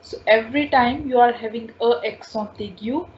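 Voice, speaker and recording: In a slow spoken French lesson, a woman with a slightly high, slightly mellow voice speaks at normal speed, patiently repeating each word and sound several times. Faint ambient noise sits under the dull lo-fi recording.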